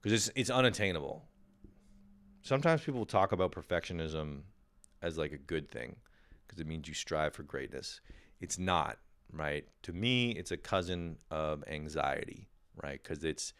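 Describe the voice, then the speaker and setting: Guy with a low smooth voice riffing and ranting, swears a lot, keeps saying you know. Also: expressive, normal speed, a bit bright. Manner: profane, rambling, says "you know" and "right" a lot. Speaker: podcast host. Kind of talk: rambling comedic monologue.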